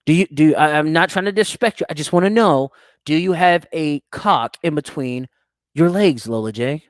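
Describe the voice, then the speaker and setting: A man's voice: a little high, moderate pace, no room sound, studio quality. A young man, hosting a crude, teasing podcast chat and laughing often. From United States. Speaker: podcast host. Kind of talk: casual chat reading live chat.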